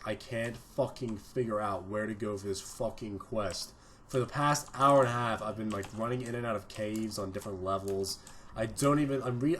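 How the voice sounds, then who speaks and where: A man's voice: medium pitch, slight background noise. A young man giving rambling, profanity-laden casual commentary over his own gameplay video. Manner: rambling, swears a lot. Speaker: gaming video host.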